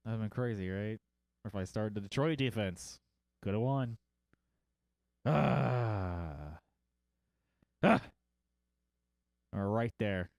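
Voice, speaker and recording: A man's voice: fairly low pitch, measured pace, pauses often, darkish tone, dry recording. A man hosting a fantasy football show in a casual livestream style, rambling through lists of results with jokey, self-mocking asides.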